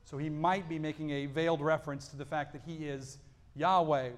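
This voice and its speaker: High-voiced man preaching a sermon. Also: fairly even intonation, fairly quick. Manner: earnest preaching, rising to emphatic peaks and dropping to quiet lows; reads scripture aloud, then explains it. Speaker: pastor.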